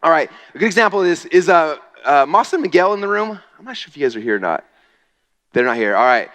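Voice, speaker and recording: A man speaks quickly and keenly from a stage, with a high voice and a casual, chatty way of pressing his points. He keeps asking the crowd "okay?" as he goes. The sound trails off in the long reverb of a big hall. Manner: energetic, casual, says "okay?" often. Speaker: speaker at a marketing event. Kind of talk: live stage presentation.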